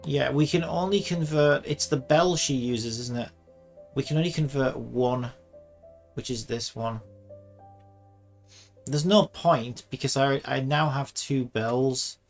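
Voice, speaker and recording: A man giving excitable, sarcastic live commentary while playing a video game. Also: mid-range voice, takes it slowly, gravelly, faint music behind. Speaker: gaming streamer.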